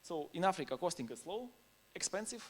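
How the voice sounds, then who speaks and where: A man's voice: high-pitched, very animated, brisk. A man giving a conference talk in non-native English, informal and anecdotal, laughing now and then between points. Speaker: conference speaker.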